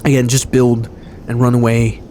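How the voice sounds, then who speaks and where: A man's voice: medium pitch, flat delivery, moderate pace, warm tone, a little hiss or hum. A man giving rambling, self-mocking commentary while replaying an old video game match. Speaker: gaming commentator. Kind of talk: casual gameplay commentary.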